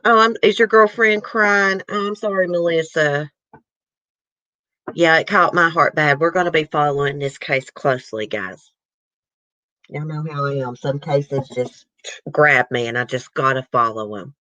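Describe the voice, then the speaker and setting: Her voice sits low and comes across pushed and bright, at a slightly slow pace. As host of a casual talk reacting to news clips, she's emotional and chatty, addressing viewers; the audio is dull, with no echo.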